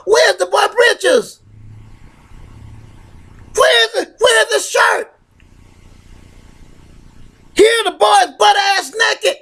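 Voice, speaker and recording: A man preaching a fiery sermon, reading scripture aloud and shouting emphatic points, often restarting his phrases. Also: extremely high pitch.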